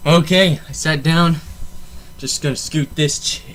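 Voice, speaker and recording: A man's voice: on the high side, steady tone, unhurried, fairly bright tone. A young man hosting a casual unboxing vlog at home, goofy and rambling, often cutting himself off. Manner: goofy, rambling, self-interrupting. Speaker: unboxing vlogger.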